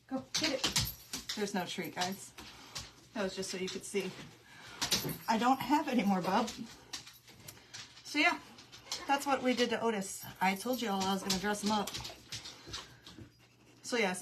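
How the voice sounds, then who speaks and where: A woman's voice: mid-range voice, noisy background. Chatty, giggly woman hosting a live stream. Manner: chatty and rambling, often breaking off to greet viewers; giggly, easily amused. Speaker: craft livestream host. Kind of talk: casual live-stream chat with viewers. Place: at home with her dog.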